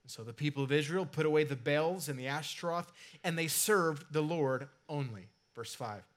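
A man's voice: fairly high pitch, moderate pace. A man preaching a sermon in a casual, conversational way, with asides and filler words. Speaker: pastor.

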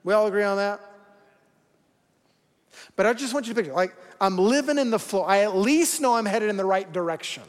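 A man's voice: high-pitched, expressive, fairly quick, pauses often. A man preaching a sermon in a casual, joking way, acting out quoted voices as he goes. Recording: long hall reverb.

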